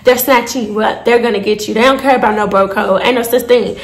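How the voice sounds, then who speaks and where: A woman's voice: a little high, fairly even intonation, fast talker. A woman in her twenties telling a story to her viewers in a casual, candid, slangy and profane way. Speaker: storyteller vlogger. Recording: roomy echo.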